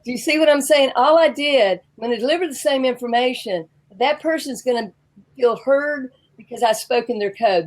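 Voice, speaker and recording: A Southern woman in a relaxed interview, chatty and animated and quick to laugh. Her voice sits a little on the higher side. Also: low-quality recording. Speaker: interview guest, founder of a personality tool. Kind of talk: casual interview talk.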